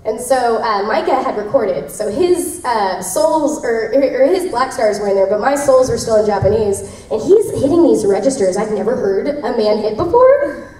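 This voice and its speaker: Bubbly young woman voice actress on a convention panel; rambly and giggly, slightly high voice, recorded from afar in an echoey room. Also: expressive, moderate pace, hardly any pauses, mellow. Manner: bubbly, laughing, rambling with many fillers. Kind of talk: convention Q&A answers. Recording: echoey convention room, distant, faint noise.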